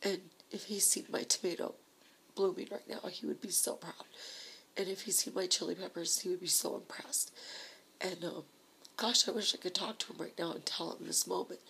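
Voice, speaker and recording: A woman recording a personal video letter to her husband, speaking softly and intimately, often slipping into a breathy half-whisper and sounding tearful. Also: lowish voice, steady tone, normal speed, slight background noise, rough recording. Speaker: vlogger.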